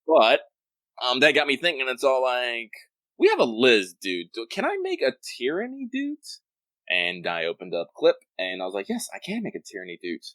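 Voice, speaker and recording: A man co-hosting a podcast, telling rambling stories in a quick, casual chat. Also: mid-range voice, animated, fairly bright tone, dry recording. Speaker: podcast co-host.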